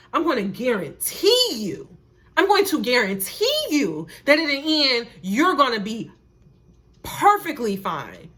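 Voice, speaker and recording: A woman's voice: a little high, a bit bright. Emphatic woman doing a tarot reading. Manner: emphatic and repetitive, swearing freely; earnest, preacher-like encouragement. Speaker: tarot reader. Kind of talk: casual spiritual tarot reading.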